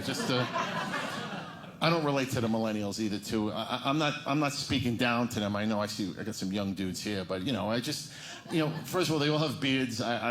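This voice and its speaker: A man in his fifties doing stand-up in a club, telling rambling, self-mocking stories about his family. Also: medium pitch. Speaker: stand-up comedian. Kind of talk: stand-up comedy set. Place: comedy club stage. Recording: echoey noisy club room.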